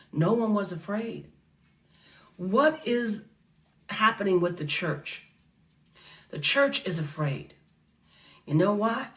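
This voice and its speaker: A woman delivers an impassioned faith talk in a preacherly way, repeating her lines and calling the crowd honey and baby. Her pitch sits in an ordinary middle range. She sounds a little distant from the microphone. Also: a bit bright. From United States. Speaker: speaker at a faith awards event.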